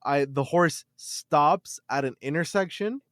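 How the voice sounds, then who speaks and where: A man on a podcast, telling a story from his childhood in an animated, swearing style with lots of repeated words. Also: on the high side, unhurried, no echo, studio quality. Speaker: podcast host. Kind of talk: casual storytelling.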